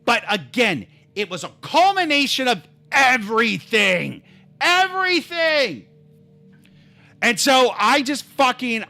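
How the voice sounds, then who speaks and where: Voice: medium pitch, sharp tone. A livestreamer telling a rambling, heated story in casual chat, swearing freely and talking over their own restarts.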